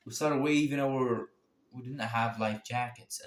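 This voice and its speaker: A young man telling his own story casually, swearing freely and jumping in pitch and loudness. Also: a little slow. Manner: profane, animated, sudden swings in pitch and loudness. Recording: echoey room.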